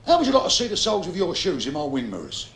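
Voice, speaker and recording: A man's voice: on the high side, huge pitch swings, rapid-fire, gravelly. A London man in his fifties with a Cockney accent, doing a crude live stand-up routine and ribbing the crowd. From London, England. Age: 50s. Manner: brash, crude punchline delivery, heckling the crowd. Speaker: stand-up comedian. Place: large theatre stage. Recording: echoey hall, loud audience laughter, 1990s live video. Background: audience laughter.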